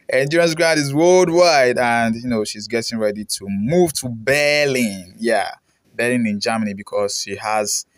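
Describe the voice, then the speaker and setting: A man's voice: medium pitch, dry recording, studio quality. A young Ghanaian man with a Ghanaian accent hosting a casual reaction show, chatting and reading viewer comments aloud, slipping into pidgin. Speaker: reaction channel host.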